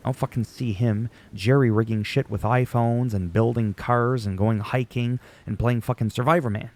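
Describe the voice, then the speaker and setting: Gravelly sarcastic man ranting. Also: medium pitch, fairly even intonation, moderate pace, a little mellow. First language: French. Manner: sarcastic, profane, rambling. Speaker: wrestling recap YouTuber. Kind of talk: ranting casual commentary.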